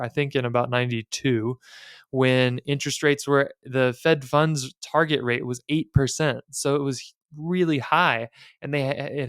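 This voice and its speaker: A man's voice: mid-range voice, a bit bright, clear, resonant tone, no echo, clean studio sound. A man in his forties hosting a podcast, talking in a plain-spoken, conversational, wry way as he walks through his thinking. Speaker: podcast host. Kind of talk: casual podcast monologue.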